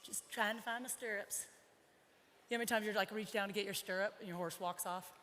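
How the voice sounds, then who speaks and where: Her voice is medium-pitched, steady, and fairly bright, and she speaks fast. This woman horse trainer wears a wireless body mic while riding in an indoor expo arena, slightly breathless as she talks to her colt and the crowd in a live clinic. The room sounds big, with slight background noise.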